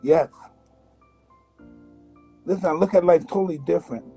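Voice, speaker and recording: A man in his fifties from the United States, a guest in an interview, telling blunt, animated stories and acting out other people's voices. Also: fairly high pitch, normal speed, slightly rough, soft background music, poor audio. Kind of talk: candid interview storytelling.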